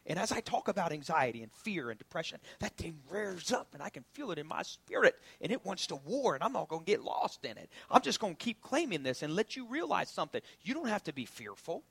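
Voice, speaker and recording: A man preaching a sermon as pastor, swinging from loud preaching to hushed whispers. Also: high-pitched, big pitch swings, a little fast, gravelly, few pauses, breathy edge, dry recording.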